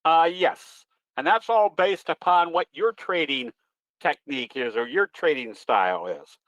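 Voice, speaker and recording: A man answers audience questions in a folksy, easygoing manner, drifting through his points at a relaxed clip. His voice comes through dry with no room sound, and a little dull, like a web call. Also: a little high, measured pace, dry recording. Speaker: guest presenter, trading educator. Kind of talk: webinar Q&A, explaining.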